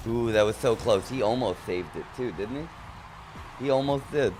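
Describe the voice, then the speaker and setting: A man's voice: mid-range voice, normal speed, a little mellow, faint music behind. A man casually commentating his own gameplay on a live stream, playfully teasing his chat. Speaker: gaming streamer.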